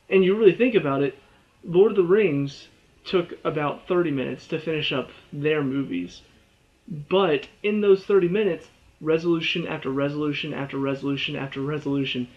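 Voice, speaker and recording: A man with a slightly higher-than-usual voice talks through a video game review in a loose, rambling way, stopping to correct himself and chuckling often. The recording sounds muffled and lo-fi. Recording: dull lo-fi sound.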